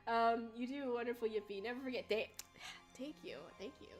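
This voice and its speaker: A young woman chatting casually on a livestream, rambling and giggly with bursts of excitement. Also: a little high, normal speed, faint music behind. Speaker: VTuber streamer.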